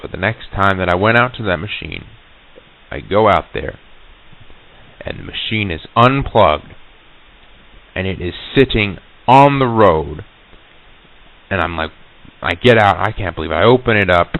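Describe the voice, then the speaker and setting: Man, deep voice, halting storyteller full of restarts; thin phone-like old reel-to-reel tape. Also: animated. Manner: halting, many restarts and fillers. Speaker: interviewee recounting an encounter. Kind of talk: casual spoken recollection.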